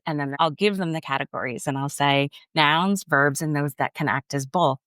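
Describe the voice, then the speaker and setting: A woman's voice: sits low, fairly bright tone, clear, resonant tone, no echo, clean studio sound. A woman speaking as a literacy expert guest in a podcast interview, explaining with enthusiasm.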